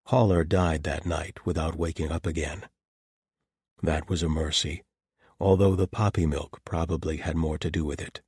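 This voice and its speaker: A man narrating an audiobook in a calm, measured storytelling manner. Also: very deep voice, husky, no echo, studio quality. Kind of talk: scripted narration.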